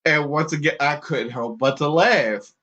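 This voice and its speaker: A man hosting a podcast, telling a story casually and putting on high mocking voices for the people he quotes, laughing often. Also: a little slow, bright, forceful tone. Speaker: podcast host. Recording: dull lo-fi podcast recording.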